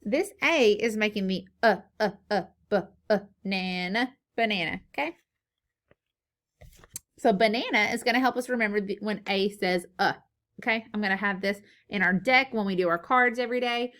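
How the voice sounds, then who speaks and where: In this recorded lesson video, a woman teaches phonics to young children, breaking words into syllables at an unhurried, encouraging pace. She has a mid-range voice with a fairly bright tone.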